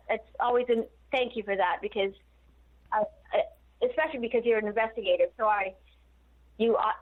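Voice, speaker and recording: A woman guest telling stories in a casual interview, animated and laughing often. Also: medium pitch. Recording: tinny phone line.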